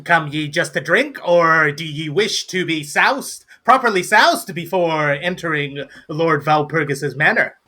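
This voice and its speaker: A man's voice: on the high side, lively intonation, measured pace, few pauses, bright, forceful tone, voice pushed up, heavily acted. A man voicing a fussy gnome barkeep who runs a drinking tent and speaks in a mock-old-fashioned, showman-like way. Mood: salesy. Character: fussy, theatrical gnome barkeep, archaic talk.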